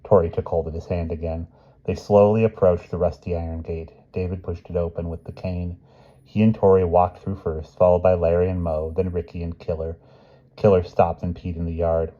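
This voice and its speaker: A man calmly reading a novel chapter aloud. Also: deep voice, moderate pace, muffled recording. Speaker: reader.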